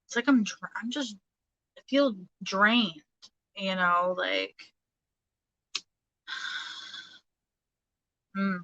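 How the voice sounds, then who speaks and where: Brief: thirties woman, bright forceful tone, dry close sound, halting tarot reader full of fillers. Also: medium pitch, creaky, no room sound, dull audio. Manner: hesitant, halting, many fillers and restarts. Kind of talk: casual live tarot reading.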